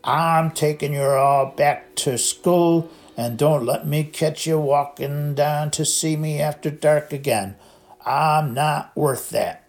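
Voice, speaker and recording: A man's voice: a little high, takes it slowly, gravelly, darkish tone, voice pushed up. A man voicing a big, drunk male half-giant gamekeeper who talks thickly and roars when angry. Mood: stern. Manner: slurred, thick, then roaring angrily.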